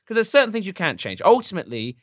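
A man's voice: high voice, sing-song, quick pace, dry recording. A man co-hosting a comedic call-in advice show, joking around. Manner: jokey, puts on silly voices and mock-romantic lines. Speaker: co-host. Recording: dull lo-fi sound.

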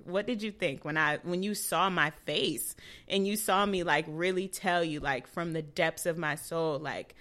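A woman's voice: mid-range voice, normal speed. A young woman co-hosting a podcast, telling a personal story in casual chat and acting out the people she quotes. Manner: animated, acts out quoted dialogue. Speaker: podcast co-host.

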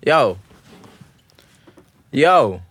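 Animated opinionated Wolverhampton man. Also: mid-range voice, extremely slow, breathy edge, no echo. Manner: opinionated, animated, steers the talk back to the point. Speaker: podcast host. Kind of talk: casual chat.

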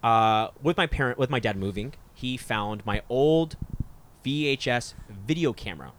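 A man in his thirties chatting casually, telling crude family jokes with loose restarts. His voice sits at an ordinary middle pitch. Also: animated, normal speed, a little hiss or hum. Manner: crude joking storyteller, many restarts. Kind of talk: casual chat.

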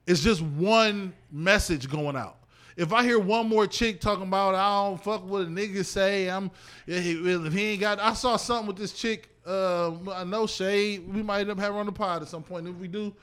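A man's voice: high-pitched, normal speed, a bit bright. A man hosting a podcast, talking in a laid-back, rambling way with lots of slang. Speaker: podcast host. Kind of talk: casual podcast chat.

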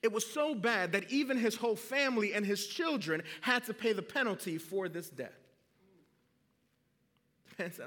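A man's voice: sits high, animated, moderate pace, long pauses, a bit bright, big-room sound. A male pastor preaching a sermon, telling a story with animation and putting questions to the congregation.

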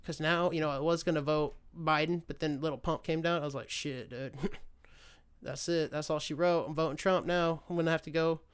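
A man hosting a podcast, ranting in a loose, profane, sarcastic way. He wanders off, loses his thread and restarts sentences. His voice is smooth and resonant and sits a bit high for a man. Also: fairly even intonation, fairly quick. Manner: loses his train of thought, restarts often. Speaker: podcast host. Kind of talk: casual solo political rant.

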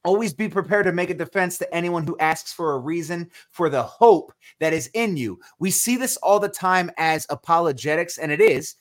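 Animated preaching man on a podcast. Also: fairly high pitch, normal speed, few pauses. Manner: animated, preachy, acts out quotes. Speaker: podcast host. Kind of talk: casual chat.

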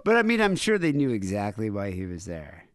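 A man's voice: fairly low pitch, wildly swooping pitch, brisk. A man co-hosting a casual podcast chat, throwing in wry, jokey asides. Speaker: co-host.

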